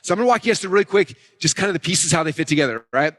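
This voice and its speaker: A man teaching a live marketing session, fast and energetic, often acting out customers' thoughts. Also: sits high. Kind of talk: live event teaching talk.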